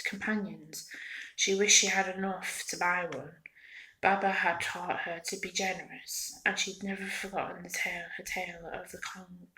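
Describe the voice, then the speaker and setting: A woman reading a storybook aloud in a soft-spoken ASMR style, often drifting into a whisper. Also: lowish voice, poor audio. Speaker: ASMR reader.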